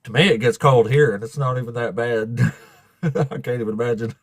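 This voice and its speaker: A man with a Southern Alabama drawl hosts a live stream in a loose, blunt way, cussing without a second thought and laughing between remarks. His voice is medium in pitch and recorded close and dry, with no room sound. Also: fairly even intonation, moderate pace, breathy edge, no echo. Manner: blunt, swears freely, laughs often. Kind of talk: casual live-stream chat.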